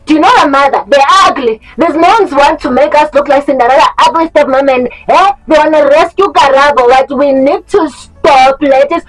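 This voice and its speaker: Indignant rallying woman played by a woman; preachy, high-pitched. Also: lightly acted, rough recording. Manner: preachy, rallying call-and-response. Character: indignant woman rallying other women against men.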